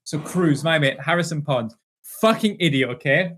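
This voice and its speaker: A man's voice: fairly high pitch, lively intonation, normal speed, a bit bright, a little hiss or hum. A man telling casual, sweary anecdotes on a podcast, often laughing. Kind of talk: casual chat.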